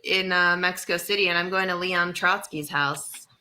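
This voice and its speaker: A woman with a bright, forward voice that sits a little low for her, co-hosting a comedy podcast. She rambles through stories in a wry, casual way, talking over a remote call. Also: steady tone, moderate pace, slight background noise. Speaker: podcast co-host. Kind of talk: casual chat. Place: home in Mexico City.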